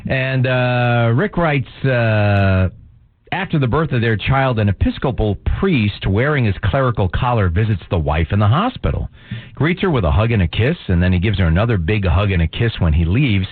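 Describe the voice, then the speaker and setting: A man's voice: lowish voice, normal speed, slightly rough, dry recording. Guy hosting a radio joke segment, bouncy up and down delivery, tinny phone-ish sound. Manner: lively joke delivery, voices the punchlines. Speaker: radio show host. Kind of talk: reading listener jokes on air.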